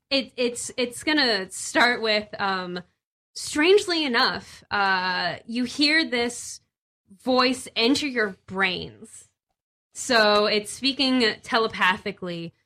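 A woman game master narrates a tabletop game in a loose, chatty way, with plenty of fillers and giggles. Her voice is bright and crisp, and her pitch sits in the middle range. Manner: casual, giggly, full of fillers.

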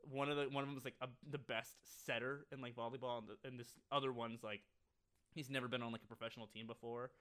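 A young man co-hosting a casual podcast, rambling with lots of fillers and quick laughs. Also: mid-range voice, flat delivery, fairly bright tone, clean tone. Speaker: podcast co-host. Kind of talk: casual chat.

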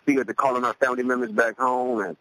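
A middle-aged man from Cleveland, a rapper guest, telling a story casually, often repeating words as he restarts, and lifting his pitch to act out quoted voices. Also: steady tone, fast, bright, forceful tone, no echo, low-quality recording. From Cleveland, USA. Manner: loose, repeats words while restarting sentences.

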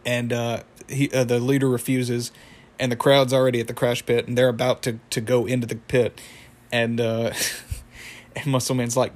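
Young male recapper, monotone delivery, loose and rambling, mid-range pitch, chuckles between lines. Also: moderate pace. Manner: rambling, self-correcting, chuckles, acts out quotes. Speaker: cartoon episode recapper. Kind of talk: casual retelling with impressions.

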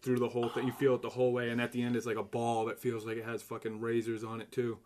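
A man's voice: medium pitch, monotone, quick pace, a little mellow, slight background noise. A man in his thirties hosting a casual podcast, telling crude stories bluntly and laughing as he goes. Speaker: podcast host.

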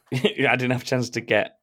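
A man's voice: medium pitch, level tone, measured pace, sharp tone. A man hosting a casual podcast, chatty and self-mocking, laughing often. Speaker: podcast host. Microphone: remote recording software.

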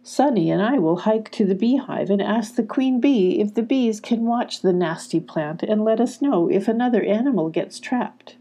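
A woman voicing Shine, a calm, soothing, motherly magical dog in a storybook. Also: mid-range voice, normal speed, few pauses.

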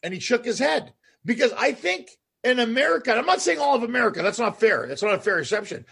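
A man from Canada hosting a casual chat, rambling and animated, often trailing off and restarting. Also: very high-pitched, fast, creaky, husky. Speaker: podcast host.

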